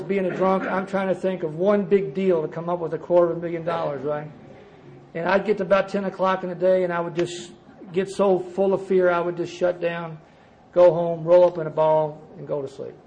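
An older man giving a personal recovery testimony at a conference, telling his story emphatically, jumping from loud bursts to quiet asides. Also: high voice, steady tone, a little fast, vocal fry, slight background noise, poor audio. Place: conference gathering before a live audience.

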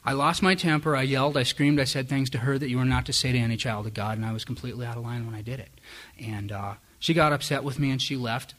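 Mid-pitched man, confessional testimony, self-mocking humor. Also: fairly even intonation, fast, fairly bright tone. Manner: candid, self-deprecating, with wry chuckles. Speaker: speaker sharing his story at a recovery meeting. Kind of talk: personal testimony.

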